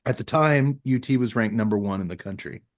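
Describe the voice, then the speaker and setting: A man hosting a casual podcast, telling stories with a joking, deadpan manner. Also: fairly low pitch, fairly quick. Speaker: podcast host.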